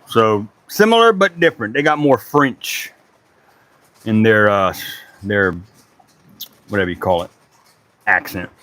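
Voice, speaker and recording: A man's voice: on the low side, lively intonation, measured pace, pauses often, sharp tone. A man from Charleston with a Gullah Geechee accent, chatting casually and swearing now and then as he talks to livestream viewers while working in his woodshop. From Charleston, South Carolina. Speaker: woodworking livestream host.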